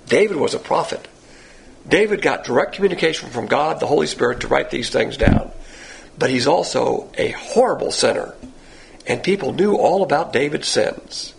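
A Southern-accented male pastor teaching a Bible class, with a gravelly, husky, hoarse edge to his voice. He talks in a blunt, folksy, self-deprecating way, and his pitch swings up and down a lot. His voice sits a little higher than most men's. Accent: Southern American. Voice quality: hoarse at times. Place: church classroom.

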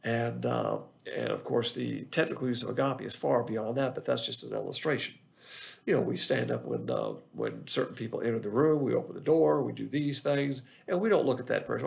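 A man with a heavily gravelly, fry-laden voice delivers a Bible lesson from the pulpit. He speaks in a measured teaching cadence at a middle pitch and circles back over his phrases to drive each point home. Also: expressive. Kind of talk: sermon.

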